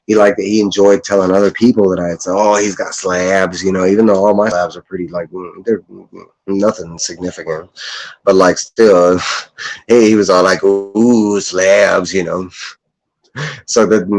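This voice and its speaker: A young man chatting loosely about his comic pickups, rambling and profane, laughing often and mimicking others in high voices. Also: steady tone, measured pace, darkish tone, poor audio. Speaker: comic collector vlogger. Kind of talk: casual chat.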